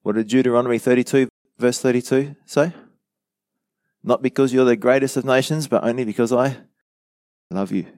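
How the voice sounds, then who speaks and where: A man's voice: mid-range voice, fairly even intonation, moderate pace, pauses often, a little mellow, no echo. A man preaching a Bible teaching sermon, earnestly explaining verses, quoting commentators and asking the listeners questions. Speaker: pastor.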